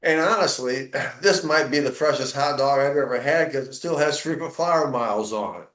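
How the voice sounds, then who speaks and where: A man voicing a deadpan older man who trades dry quips. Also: mid-range voice, moderate pace, roomy sound, natural voice. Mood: wry.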